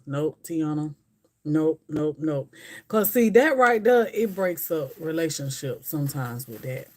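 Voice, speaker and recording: A woman hosting a casual livestream, chatting and rambling straight to her viewers. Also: deep voice. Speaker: livestream host. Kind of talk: casual chat with live viewers.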